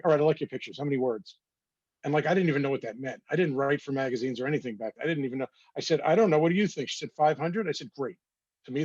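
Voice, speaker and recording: A photographer with a slightly rough, husky, mid-range voice talks casually through a slideshow of his own pictures, telling wry little anecdotes. The sound is close, dull, muffled and dry.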